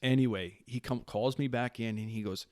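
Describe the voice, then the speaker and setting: Originally from Wisconsin, this Marine staff sergeant in his late thirties tells lively, relaxed stories as a podcast guest at a moderate pace in a mid-range voice. He acts out quoted lines in character and often restarts what he's saying. It's a dry, close recording without any room sound.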